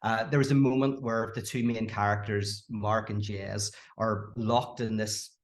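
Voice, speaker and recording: On a laid-back podcast, a man appears as a philosopher guest, speaking with real animation, laughing a lot and frequently starting his sentences over. His voice sits on the low side, and he doesn't rush.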